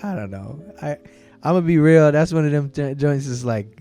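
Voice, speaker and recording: A man reacts to criticism of his own music in a loose, slangy, self-mocking way, breaking into laughter again and again. His voice sits a little high and swings widely in pitch. Soft music plays in the background. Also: expressive, moderate pace. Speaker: artist reacting to a review of his own album. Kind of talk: casual reaction chat.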